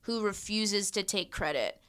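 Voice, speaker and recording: Podcast lady chatting, bright clear voice, lots of energy. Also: medium pitch, unhurried. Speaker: podcast co-host. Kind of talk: casual chat.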